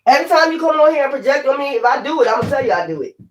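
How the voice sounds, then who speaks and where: A woman's voice: sits high, lively intonation, racing, slight background noise. A woman giving a tarot reading in a blunt, profane, emphatic way. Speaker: tarot reader.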